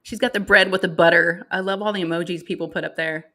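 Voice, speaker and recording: A woman's voice: fairly low pitch, steady tone, fast talker, pushed and bright. A middle-aged woman, hosting a casual livestream chat, chatty and laughing often as she greets viewers. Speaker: livestream host.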